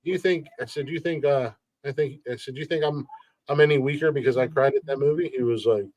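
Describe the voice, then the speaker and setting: A man's voice: mid-range voice, quick pace, a little mellow, dry recording. A man hosting a podcast in casual chat, who often stammers, repeats words and laughs while he talks. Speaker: podcast host.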